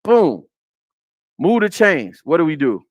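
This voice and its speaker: A man's voice: a little high, big pitch swings, slow pace, no echo. A man hosting a casual football film breakdown on a live stream, repeating his points and talking to the chat.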